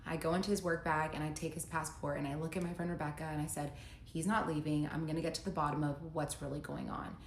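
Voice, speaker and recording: Woman, lowish voice, emotional storytime monologue, echoey room. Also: little pitch movement, fast, a little hiss or hum. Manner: emotional, reads out text messages in her own voice. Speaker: storyteller recounting her own breakup.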